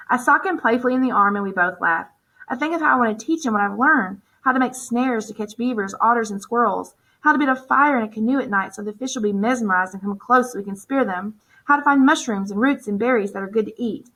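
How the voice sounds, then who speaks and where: A woman's voice: mid-range voice, brisk, pushed and bright, low-quality recording. Woman reading a novel aloud. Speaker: audiobook narrator. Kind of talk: first-person novel narration.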